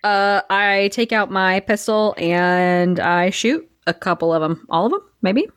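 Woman playing a tabletop game, chatty and casual, mid pitch, dry sound. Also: measured pace, clear, resonant tone, no echo. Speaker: player.

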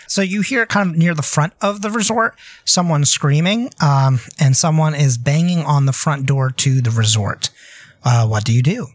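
A man narrating a tabletop game as its game master, his voice a touch high and loose, full of ums and restarts. The sound is close and dry, with no room around it. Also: expressive, moderate pace, no room sound. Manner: loose, hesitant, many fillers.

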